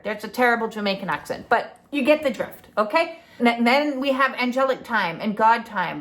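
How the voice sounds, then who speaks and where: A woman with a fairly high voice gives a relaxed spiritual teaching talk to her viewers. She is blunt and chatty, swears casually, and keeps checking in with "okay?" as she goes. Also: normal speed. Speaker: spiritual coach.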